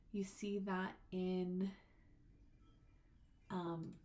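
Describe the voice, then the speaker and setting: Woman demonstrating phonics sounds. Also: mid-range voice. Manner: explanatory, demonstrating sounds by stretching words. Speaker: teacher. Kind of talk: recorded lecture on phonics.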